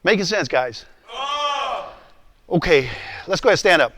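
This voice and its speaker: A man in his role as pastor teaching a class, earnest and animated, often stammering and repeating words. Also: on the high side, moderate pace. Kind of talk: emotional teaching talk. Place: room with a class.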